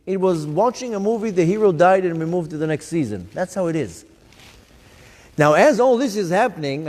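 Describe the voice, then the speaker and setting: A man's voice: a little high, darkish tone. A man, a rabbi, telling his story to a congregation, acting out his own thoughts and the voices of others. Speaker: rabbi giving a talk. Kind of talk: live talk to a congregation. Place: synagogue hall. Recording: live synagogue hall with long reverb.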